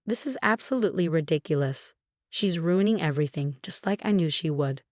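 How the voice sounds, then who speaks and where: A woman voicing a cold, snobbish older mother-in-law who talks smoothly and dismissively. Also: deep voice, animated, brisk, no room sound, clean studio sound.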